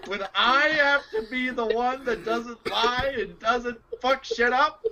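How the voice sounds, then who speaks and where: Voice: medium pitch, slow pace, pushed and bright, dull audio, a little hiss or hum. A tabletop game player talking in a rambling way, restarting sentences, swearing and laughing often.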